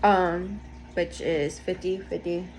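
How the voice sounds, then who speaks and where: A woman's voice: on the low side, fairly even intonation, takes it slowly, a little mellow. Woman rambling about yarn at home on a camera mic, laughs at herself, bit of hiss. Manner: chatty, rambling, self-deprecating. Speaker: knitting podcast host. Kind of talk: casual show-and-tell chat. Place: home, indoors.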